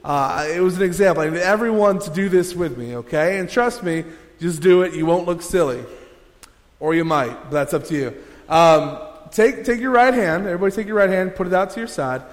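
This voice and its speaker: A male pastor with a fairly high voice preaches in a relaxed, joking way. He talks straight to his congregation and pulls them into little exercises. His voice rings out with a long echo in a large hall. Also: fairly quick. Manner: casual, joking, interactive with congregation. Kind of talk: sermon.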